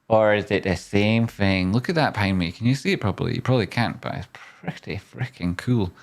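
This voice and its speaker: A man hosting a casual trading livestream, jokey and rambling, now and then jumping into a high pleading whine. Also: fairly quick.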